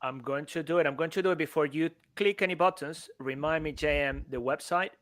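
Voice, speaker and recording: A man's voice: on the high side, a little fast, fairly bright tone, dry recording. Upbeat man co-host with a dry close sound. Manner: upbeat promo patter, then explaining a framework. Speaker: podcast co-host. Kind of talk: podcast conversation.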